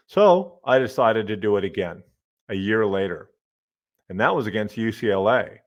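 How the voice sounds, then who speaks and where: A middle-aged man with a fairly low voice spins loose, lively stories on his own podcast, cursing casually and muttering asides. He speaks into a desk microphone, and the sound comes through a little muffled and lo-fi. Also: moderate pace. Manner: lively, swears casually, talks to himself while fiddling with gear. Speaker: college professor and podcast host. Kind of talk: casual storytelling monologue.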